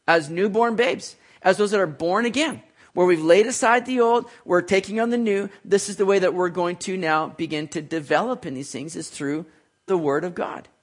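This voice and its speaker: High-voiced man giving a chatty sermon. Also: normal speed. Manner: conversational, jokes with listeners, writes on a board. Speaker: preacher. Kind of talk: sermon teaching.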